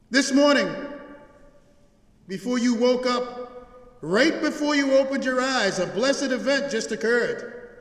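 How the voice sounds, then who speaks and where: A man delivers a sermon in a large church, his fairly high voice rising to emphatic peaks and falling to hushed lows. His preaching has a rhythmic call-and-response pull, and the sound rings out with a long, roomy reverb. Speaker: pastor. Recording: echoey church hall.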